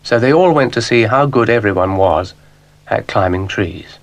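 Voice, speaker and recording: A man's voice: lowish voice, normal speed. A man narrating a children's stop-motion story in a dry, understated way.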